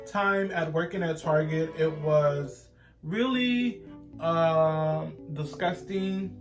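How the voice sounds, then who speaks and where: A man casually telling a personal story to the camera, animated and rambling with frequent restarts. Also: on the high side, takes it slowly, faint music behind. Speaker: vlogger.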